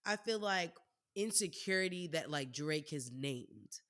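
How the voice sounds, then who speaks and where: A woman's voice: low voice, measured pace. A young adult woman co-hosting a podcast, talking frankly and casually with lots of fillers. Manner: animated, frank, many fillers. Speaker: podcast co-host. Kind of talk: casual chat.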